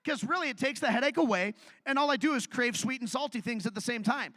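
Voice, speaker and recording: A man's voice: extremely high pitch, quick pace, fairly bright tone, no echo. A man doing a live stand-up set on a theatre stage, telling self-deprecating stories in a conversational way. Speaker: stand-up comedian.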